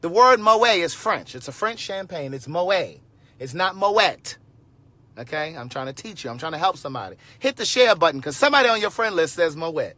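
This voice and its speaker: Sassy, bright-voiced man in his forties. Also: on the high side, quick pace, few pauses, dry recording. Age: 40s. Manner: animated, sassy, with frequent asides to viewers. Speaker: host telling a story to viewers. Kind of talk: casual storytelling livestream.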